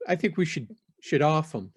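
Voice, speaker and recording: A man's voice: on the high side, lively intonation, normal speed, slightly rough, voice pushed up. A man doing a blunt shirtless thug. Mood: menacing. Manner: blunt, threatening. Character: shirtless thug in jean shorts, menacing.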